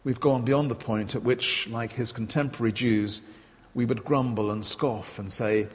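A man giving a sermon, retelling and quoting scripture in a measured, reflective way. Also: mid-range voice, steady tone, big-room sound. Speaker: preacher.

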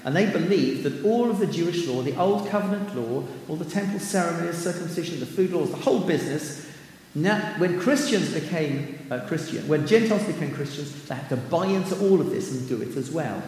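A man's voice: on the high side, expressive, fairly quick, a little mellow. A man giving a sermon in a conversational way, with fillers and asides, quoting scripture at length. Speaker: preacher. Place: church hall. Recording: echoey hall with long reverb.

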